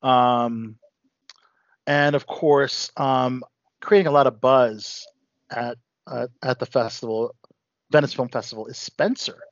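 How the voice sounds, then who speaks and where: A man's voice: medium pitch, steady tone, slow pace, long pauses, dry recording. A man hosting a casual movie news chat, talking loosely with lots of fillers and asides. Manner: chatty, many fillers and "you know". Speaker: host. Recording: dull lo-fi sound.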